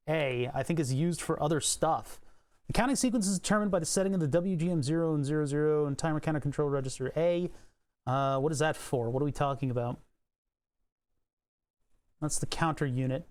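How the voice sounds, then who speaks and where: A man's voice: on the high side, moderate pace, long pauses, darkish tone. Man muttering through a coding livestream. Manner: muttering to himself, swearing, chuckling. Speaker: streamer. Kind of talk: livestream electronics and coding commentary.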